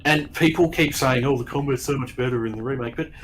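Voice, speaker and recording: Man, mid-pitched voice, casual game talk, thoughtful. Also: fast, a bit bright, slight background noise, rough recording. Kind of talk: casual chat about a game.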